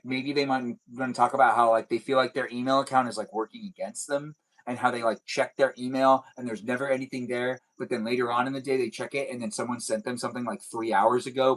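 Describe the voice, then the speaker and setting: A man's voice: mid-range voice, low-quality recording. Rambling joking young man on a livestream. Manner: rambling, self-deprecating, joking. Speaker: livestream host. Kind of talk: casual chat reading viewer comments.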